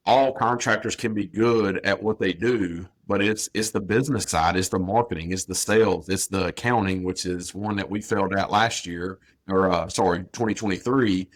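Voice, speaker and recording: A plainspoken man in his thirties, a business owner talking casually as a podcast guest, repeating points for emphasis. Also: fairly low pitch. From North Carolina, US.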